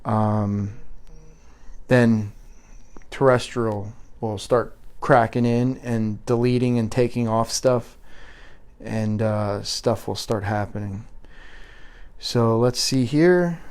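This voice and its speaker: A man's voice: lowish voice, fairly even intonation, slow, long pauses, a little mellow, clear, resonant tone. A man hosting a live stream, rambling and restarting his sentences as he reads chat and gives an earnest pep talk. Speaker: livestream host reading viewer chat. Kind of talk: unscripted live commentary.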